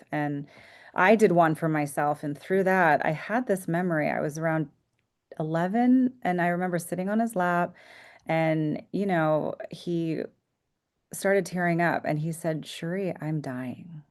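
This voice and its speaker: A woman psychotherapist talking reflectively in a podcast interview, sometimes dropping to a hushed voice. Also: low-pitched. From United States. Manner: reflective, soft-spoken, drifts into hushed tones. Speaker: psychotherapist guest.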